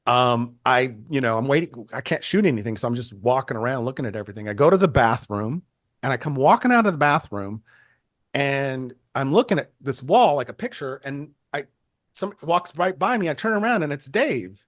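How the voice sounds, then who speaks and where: An older man, a photographer, telling stories in an interview in a rambling, animated way, acting out the people he quotes and often restarting his sentences. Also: mid-range voice, brisk, dry recording, clean studio sound. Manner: animated, acts out quoted voices. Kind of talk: conversational storytelling.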